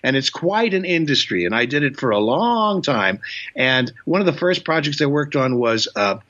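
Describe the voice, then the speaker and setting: An older man from Indiana, United States, a comedian and voice actor, tells rambling anecdotes as a guest in a casual storytelling interview, with many restarts and chuckles. His mid-range voice is sing-song and fairly bright at a moderate pace, though the recording is muffled.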